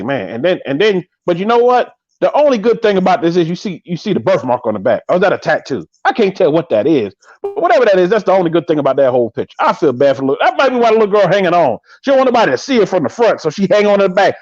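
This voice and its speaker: A man in his thirties hosting a live podcast, riffing with animated, joking commentary and drawn-out exclamations. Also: high voice, dry recording, highs cut off. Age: 30s. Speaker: podcast host.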